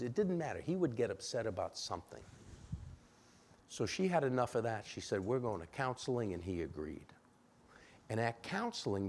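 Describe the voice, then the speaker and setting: A man preaching a sermon in a church, telling a story with lively acted-out quotes and questions to the congregation. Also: mid-range voice, slight background noise. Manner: animated storyteller, acts out quoted voices, asks congregation. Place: church sanctuary.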